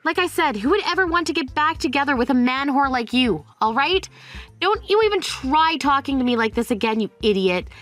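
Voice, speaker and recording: A woman's voice: high voice, expressive, fairly quick, a bit bright, no room sound. A synthetic woman's voice reading a fed-up young divorced woman who speaks coldly and bluntly in a text-message story. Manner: cold, blunt. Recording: faint music underneath.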